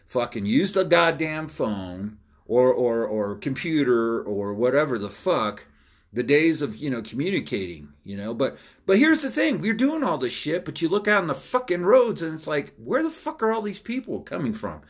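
Loud, profane man ranting, lively pitch. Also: normal speed. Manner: loud, blunt, swears constantly; acts out both sides of conversations. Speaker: podcast host. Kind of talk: profane solo rant.

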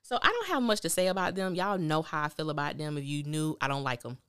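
A woman's voice: low-pitched, animated, fast talker, smooth, no echo, studio quality. A woman hosting a podcast, recapping a TV drama in candid, opinionated casual talk and acting out the characters' lines. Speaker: podcast host reviewing a TV drama.

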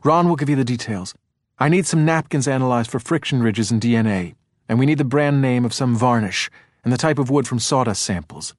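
A man reading a novel aloud, voicing a sharp-tongued woman police detective who speaks in clipped, blunt, irritated bursts. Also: mid-range voice, a little fast, no echo, clean studio sound, natural voice.

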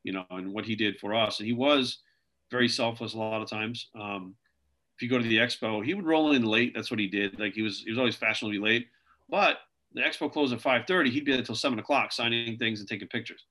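With a low-ish, bright, forceful voice and a quick pace, a video creator rambles through stories as an interview guest. Fillers like "like" and "you know" run all through his casual storytelling.

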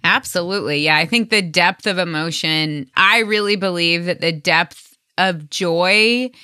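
A woman in her thirties hosting a podcast, chatting casually and telling animated stories. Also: lowish voice, measured pace, clean tone, no echo, studio quality. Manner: expressive storyteller, acts out voices. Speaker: podcast host. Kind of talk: casual conversation.

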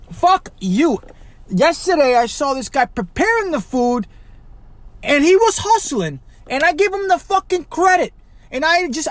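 A man from Chicago hosting a podcast, ranting alone with constant swearing, rhetorical questions and sudden loud outbursts. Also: extremely high pitch. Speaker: podcast host. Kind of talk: profane solo rant.

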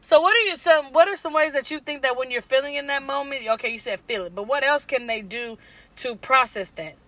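A woman in casual conversation, expressive and playful, laughing and telling stories. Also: high-pitched, a little fast. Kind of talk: casual chat.

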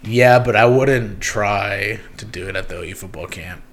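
A man's voice: fairly low pitch, normal speed. A young man hosting a casual podcast chat, rambling with lots of ums and giggles. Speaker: podcast host.

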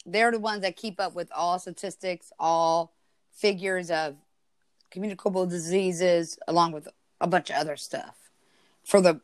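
A woman co-hosting a casual podcast, explaining things in a relaxed, chatty way. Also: on the low side, a little slow, no room sound. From United States. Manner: easygoing, explanatory, laughs along. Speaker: podcast co-host. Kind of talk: casual chat.

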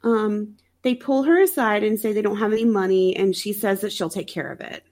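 A woman's voice: mid-range voice, brisk, a little mellow. Chatty wry woman recapping a movie. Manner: chatty, wry, laughs often. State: sounds sick. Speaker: podcast co-host. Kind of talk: casual chat recapping a movie.

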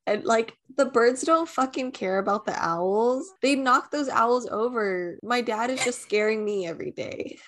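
A young woman co-hosting a podcast, telling a story in casual chat, animated, with lots of "like" and swearing. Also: a little high, unhurried, hardly any pauses. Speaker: podcast co-host.

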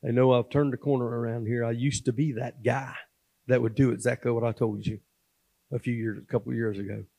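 A man gives a sermon testimony from a church platform in a mid-pitched voice. His folksy delivery swings between loud, emphatic preaching and hushed, confiding asides. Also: little pitch movement, brisk, gravelly. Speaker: guest speaker at a church. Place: church sanctuary.

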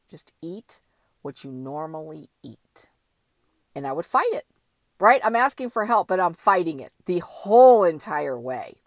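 A woman's voice: deep voice, no room sound. A woman giving a candid motivational monologue, blunt and emphatic, with casual swearing. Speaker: motivational vlogger.

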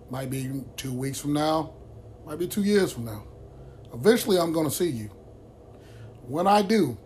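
A man with a fairly high voice talks straight to his viewers, retelling a painful story in a casual, loose way. His delivery is blunt and fiery, and he swears constantly. Faint room ambience sits behind him. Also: a little mellow, a little hiss or hum. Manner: blunt, heavily profane and heated. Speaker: vlog host telling a friend's story.

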